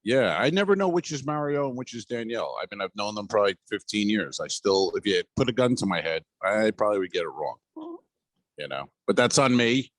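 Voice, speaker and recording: A man with a fairly low voice co-hosts a comedy podcast from a cruise ship's pool deck. He rambles and swears casually as he tells stories. The sound is close and dry. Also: lively intonation, brisk, no room sound. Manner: rambling storyteller, loose and profane. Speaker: podcast co-host.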